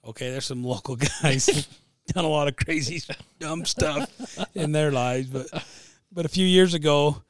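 A man in a casual chat, rambling through a long story and laughing between sentences. His voice sits slightly high for a man. The recording is dry and close. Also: unhurried, no echo.

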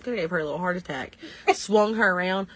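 A woman in her thirties with a Southern US accent, telling a lively story in casual podcast chat and laughing often. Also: fairly low pitch, fast talker. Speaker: podcast co-host.

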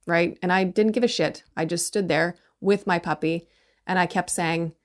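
A woman's voice: on the low side, steady tone, brisk. A middle-aged woman talking in a rambling, opinionated monologue, often tagging her points with "right?". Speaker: commentator on parenting. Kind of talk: casual monologue.

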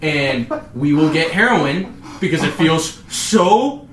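A man co-hosting a casual podcast chat, animated and repetitive, often acting out his own inner voice. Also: fairly high pitch, slow pace, roomy sound, a little hiss or hum. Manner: animated, acts out inner voices, repeats phrases. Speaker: podcast co-host.

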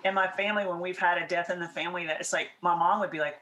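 A woman from the American South co-hosts a casual faith podcast. Her voice is bright and lively as she talks in an encouraging way, laughing easily. The room echoes, with a faint hiss behind her. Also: fairly low pitch, racing. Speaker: podcast co-host.

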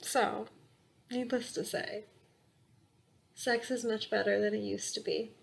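A young adult woman co-hosting a podcast, talking openly and emotionally in casual chat, with quick bursts and many fillers. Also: medium pitch, fairly even intonation, creaky, slightly rough. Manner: open, emotional, talks in quick bursts with frequent likes and you-knows. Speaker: podcast co-host.

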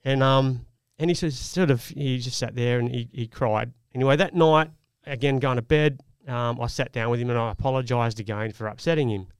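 A man's voice: mid-range voice, fairly even intonation, fairly quick, hardly any pauses, clear, resonant tone, no room sound, clean studio sound. A man, telling a personal parenting story in an earnest, reflective way on a casual podcast. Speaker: podcast co-host. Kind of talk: casual chat.

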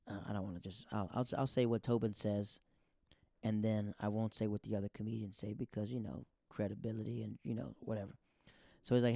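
A comedian hosting his podcast, telling stories in an animated, casual way and repeating himself as he quotes others. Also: on the low side, normal speed, dry recording, studio quality. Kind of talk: casual storytelling monologue.

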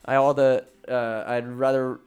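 A man's voice: medium pitch, level tone, measured pace, darkish tone, smooth, natural voice. A man voicing a drunken, rascally older brother who teases in a loose, jokey way. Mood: teasing.

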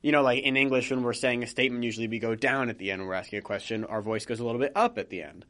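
Young guy rambling on a podcast, tons of fillers, starts over a lot, normal pitch. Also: rapid-fire, a bit bright. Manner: rambling, full of "like" fillers and restarts. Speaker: podcast co-host. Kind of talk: casual chat.

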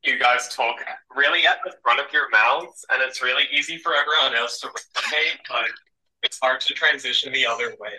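Man, very bright tone, easygoing, joking, podcast guest. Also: mid-range voice, brisk, low-quality recording. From Australia. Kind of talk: casual chat.

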